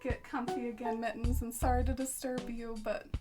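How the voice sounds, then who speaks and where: A woman's voice: a little high, little pitch movement, normal speed. A young woman streaming casually, giggling and cooing at her cat, with music playing behind her. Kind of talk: casual livestream chat.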